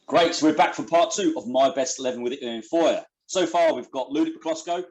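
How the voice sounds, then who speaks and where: A male podcast host leads a casual interview with an eager, curious energy. His questions spill out in bursts and restarts, and his voice is a touch higher than average for a man. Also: fairly quick, darkish tone, low-quality recording.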